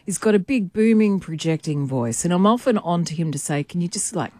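A woman's voice: fairly low pitch, expressive, a little fast, warm tone, no echo. A woman, co-hosting breakfast radio and telling a story with lots of laughter. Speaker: radio co-host and newsreader. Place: radio studio.

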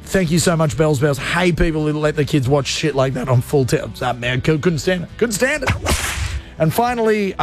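A man hosting a radio show, delivering an energetic, exaggerated comedic rant. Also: on the high side, moderate pace, soft background music. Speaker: radio host.

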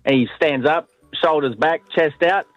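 A man's voice: on the high side, normal speed, no room sound, dull audio, soft background music. Easygoing male caller. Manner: easygoing storyteller. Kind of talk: telling a joke on air.

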